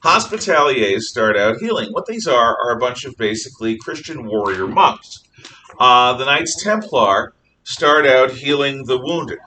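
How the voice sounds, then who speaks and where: A man teaching history in a bright, forceful voice, chatty and jokey, wandering into asides. He is heard from a distance in an echoey classroom with a faint rumble underneath. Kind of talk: classroom lecture.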